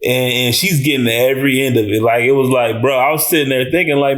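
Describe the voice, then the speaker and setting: A man giving a casual, animated reaction review of a TV episode, talking in slang, swearing and restarting often. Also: mid-range voice, fairly quick, hardly any pauses.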